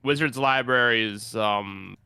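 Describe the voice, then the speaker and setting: A man co-hosting a video game livestream in casual chat, relaxed and swearing freely as he reads out the chat. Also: medium pitch, unhurried, creaky, clean tone, no echo. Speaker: co-host of a game stream.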